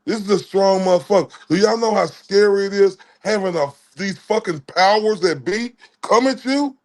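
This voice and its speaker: A man's voice: sits high, moderate pace. A man from Texas, streaming commentary in a preachy way and repeating his phrases.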